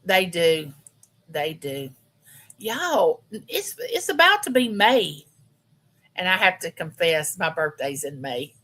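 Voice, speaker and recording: A woman's voice: on the low side, very animated, takes it slowly, pushed and bright. A woman, chatting homily and directly with viewers on a casual live stream. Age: 50s. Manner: chatty, homey, talks straight to her viewers.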